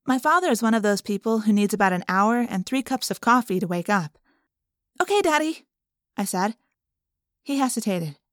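A woman's voice: mid-range voice, animated, a little fast, no room sound, studio quality. Woman narrating an audiobook in first person. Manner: plain, conversational first-person storytelling.

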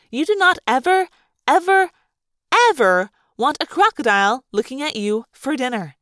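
A woman reading a first-person novel aloud in a dramatic, animated way. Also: high voice, no echo, studio quality. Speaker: audiobook reader. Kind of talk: first-person audiobook narration.

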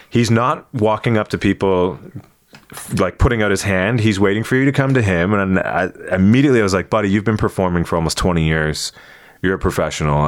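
A man in casual conversation telling a story about a meeting, animated and jumping into quoted voices as he goes. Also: low-pitched, no room sound, clean studio sound. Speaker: comedian and impressionist guest.

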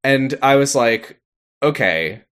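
Man co-host, wry recap chatter, animated pitch, mid-range voice. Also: slow. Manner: wry, quotes characters in put-on voices. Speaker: podcast co-host. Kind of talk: casual chat recapping a TV episode.

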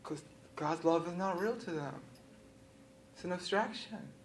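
A man preaching a sermon to a congregation, with a conversational style full of "right?" asides and quick laughs. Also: high-pitched, slight background noise. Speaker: pastor.

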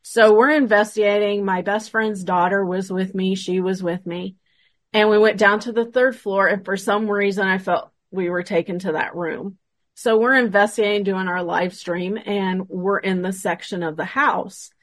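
Woman telling an animated ghost story. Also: medium pitch, normal speed, no room sound. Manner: animated retelling, acting out quoted dialogue. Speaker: paranormal investigator guest. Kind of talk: casual storytelling interview.

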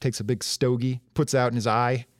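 A man's voice: mid-range voice, little pitch movement, normal speed, no echo. A young adult man co-hosting a casual podcast, explaining trivia with wry asides. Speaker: podcast co-host. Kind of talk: casual chat.

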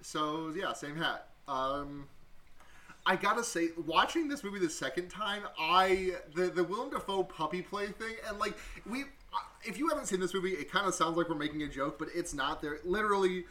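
Bright-voiced man, rambling film chat. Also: sits high, lively intonation, normal speed. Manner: rambling, restarts often, profane. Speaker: podcast co-host. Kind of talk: casual film discussion.

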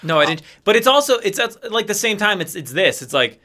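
A man joking around with a friend on a podcast. His voice sits high and bright, and he keeps breaking into silly voices and loud bursts. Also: sing-song, brisk. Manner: goofy, jumps into mock voices and shouts. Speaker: podcast co-host. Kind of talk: casual comedic banter.

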